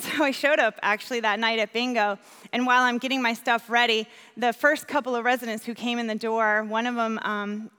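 Bright-voiced woman telling a church story, earnest, lots of reverb. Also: fairly high pitch, smooth. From New York. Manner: earnest, animated when retelling dialogue. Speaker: church volunteer speaker. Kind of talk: personal testimony talk.

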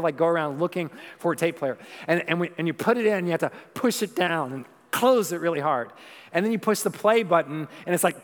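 A young man preaches a sermon in a church sanctuary, his voice sitting a touch high for a man. He moves from easy conversational talk into a rhythmic, emphatic recitation, and a long reverb hangs on every phrase. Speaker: pastor. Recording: long reverb of a large hall.

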